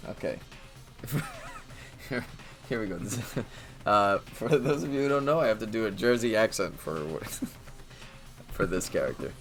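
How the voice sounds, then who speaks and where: A man's voice: fairly low pitch, lively intonation, a little slow, pauses often, a bit bright, soft background music. A male streamer in let's-play banter, making jokey asides and laughing.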